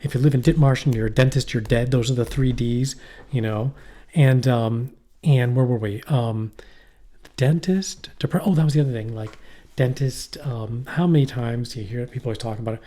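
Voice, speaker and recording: A middle-aged man chatting on a podcast, his voice dark and mellow. He rambles, swears freely and keeps breaking off mid-thought to start again. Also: mid-range voice, normal speed. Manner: rambling, profane, trails off and restarts. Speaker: podcast co-host. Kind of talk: casual chat. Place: poorly heated shack.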